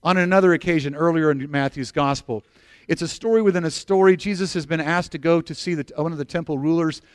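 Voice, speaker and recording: A man's voice: fairly high pitch, fast, dry recording, clean studio sound. A middle-aged man preaching a sermon as a pastor, telling stories animatedly and acting out the quotes, often restarting and repeating words. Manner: animated storytelling with acted-out quotes.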